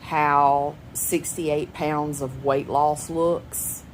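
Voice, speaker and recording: A woman's voice: sits low, level tone, drawn-out words, a little hiss or hum, low-quality recording. A woman, rambling chattily and laughing often in a personal home vlog. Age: 40s. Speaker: vlogger. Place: at home indoors.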